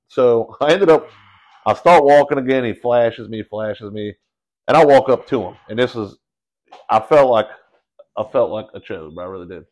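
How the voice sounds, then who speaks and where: A man telling a story in casual podcast chat, animated and slangy, calling people bro and dude. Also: medium pitch, moderate pace.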